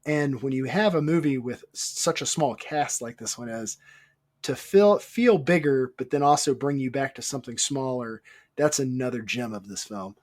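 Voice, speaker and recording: A man co-hosting a casual movie podcast, talking in halting bursts that build into excitement. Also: medium pitch. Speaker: podcast co-host.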